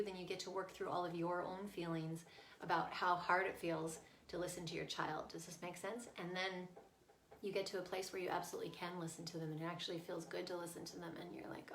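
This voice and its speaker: A woman's voice: mid-range voice, a bit bright, slight background noise. A woman parenting coach explaining, earnestly and casually, how to stay with a child through a tantrum. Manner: earnest, explaining, checks in with "right?". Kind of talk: casual teaching talk. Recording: echoey room.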